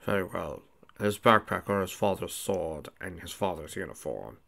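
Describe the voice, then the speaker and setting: A man reading a fan story aloud, voicing a talking computer in a flat, measured way. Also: sits low, gravelly, full character voice. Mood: calm. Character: talking computer, calm and matter-of-fact.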